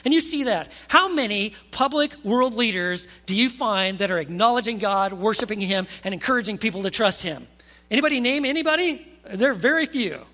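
Husky, high-voiced male pastor preaching. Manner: animated storytelling, conversational asides to the congregation. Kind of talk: sermon.

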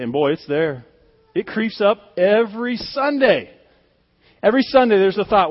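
A man's voice: high voice, animated, measured pace, big-room sound, highs cut off. A pastor delivering a conversational, emphatic sermon, often repeating his words as he speaks.

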